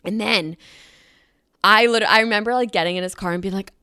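A woman's voice: mid-range voice, a little fast, sharp tone, smooth, dry recording, clean studio sound. A young woman hosting a podcast, telling a story in a chatty way full of "like" and acted-out quotes. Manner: chatty, lots of "like", acts out quotes. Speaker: podcast host. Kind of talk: casual storytelling.

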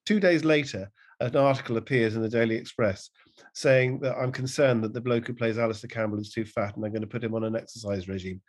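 A man in casual conversation, an animated storyteller who keeps slipping into voices as he tells anecdotes. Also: mid-range voice, fast talker. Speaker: guest, impressionist.

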